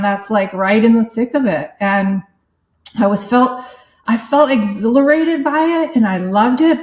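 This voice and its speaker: Reflective woman guest in an echoey room. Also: medium pitch. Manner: reflective, hesitant, many fillers. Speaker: guest, sports parenting website founder. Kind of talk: casual conversational interview.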